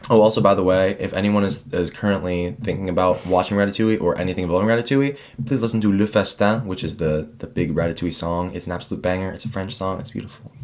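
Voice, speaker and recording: Low-voiced young man giving opinions. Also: steady tone, a little mellow. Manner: deliberate, opinionated, self-correcting. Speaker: podcast co-host. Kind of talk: casual chat.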